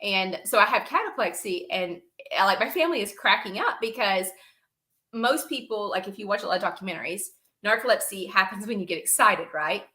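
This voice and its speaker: Bright, animated woman telling stories. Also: mid-range voice, fairly quick. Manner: animated, laughs often mid-sentence. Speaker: podcast guest, reptile breeder. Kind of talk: casual storytelling chat.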